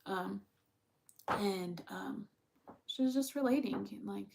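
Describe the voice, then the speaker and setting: A woman's voice: medium pitch, takes it slowly, creaky, long pauses, darkish tone. Woman co-host, casual rambling anecdote, fillers, laughs a lot. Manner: rambling storytelling with many fillers; laughs often while recounting. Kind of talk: casual chat.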